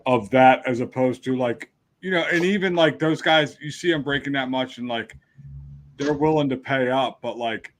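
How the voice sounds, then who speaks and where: A man hosting a podcast, asking questions in loose, relaxed chat with fillers. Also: medium pitch, moderate pace, slight background noise. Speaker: podcast host. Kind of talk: casual interview chat.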